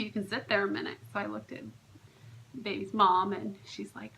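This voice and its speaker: A woman's voice: medium pitch, fairly even intonation, a little fast, sharp tone, a little hiss or hum, low-quality recording. A young woman chatting casually to camera, telling a story with many fillers and acting out what others said. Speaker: vlogger, surrogate. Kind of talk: casual vlog recap.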